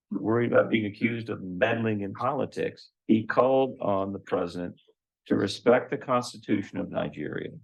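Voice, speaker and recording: A man hosting a lecture event, giving a measured formal introduction of a guest speaker with light humorous asides. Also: fairly low pitch, vocal fry, muffled recording.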